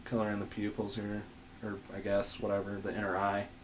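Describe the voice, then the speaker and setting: A man's voice: fairly low pitch, completely flat delivery, fairly quick, a little hiss or hum. A man giving a casual drawing tutorial as he sketches, rambling, muttering asides to himself, self-mocking and swearing now and then. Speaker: art tutor.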